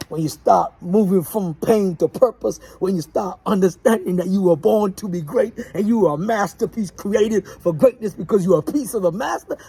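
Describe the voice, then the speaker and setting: A man's voice: on the high side, mellow, breathy edge. Preachy man giving a motivational message. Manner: preachy, repetitive and rallying. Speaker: motivational speaker.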